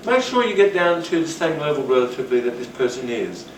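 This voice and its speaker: A man giving a rambling, animated talk on rapport, now and then acting out the voices of people he quotes. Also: on the high side, fast talker. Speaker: teacher. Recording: roomy, distant, noisy.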